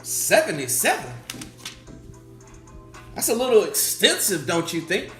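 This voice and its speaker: A man delivers a sermon in a roomy church, his pitch rising and falling a lot. He repeats his questions and slips into the voices of his congregation. Soft music plays under him. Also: unhurried. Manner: animated preaching with quoted voices and repetition. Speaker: pastor. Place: church sanctuary. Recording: echoey church room with music.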